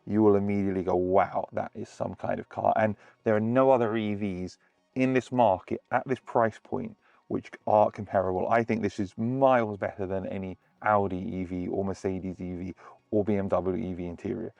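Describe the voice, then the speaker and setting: A man's voice: fairly low pitch, steady tone, moderate pace, creaky, a little mellow, no room sound, lo-fi sound. A man reviewing a car from inside it, talking enthusiastically and full of praise. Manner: gushing, superlative-heavy.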